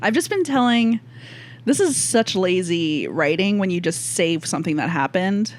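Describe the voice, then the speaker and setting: A woman's voice: fairly low pitch, animated, normal speed. Laughing woman telling comic stories. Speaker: stand-up comedian guest. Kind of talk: casual podcast chat.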